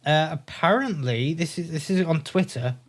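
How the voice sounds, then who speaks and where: A man's voice: on the high side, moderate pace. A man co-hosting a casual gaming podcast, laid-back and plain-spoken. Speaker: podcast co-host.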